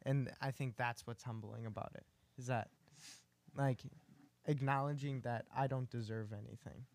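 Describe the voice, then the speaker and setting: A man's voice: medium pitch, fairly even intonation, moderate pace. A man in a casual faith discussion, earnest and building up his points with emphasis.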